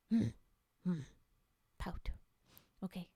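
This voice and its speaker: A woman streamer chatting playfully with viewers during an ASMR stream, soft-spoken, often dropping to a whisper, and giggling a lot. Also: fairly low pitch, expressive, drawn-out words, slightly rough, dry recording.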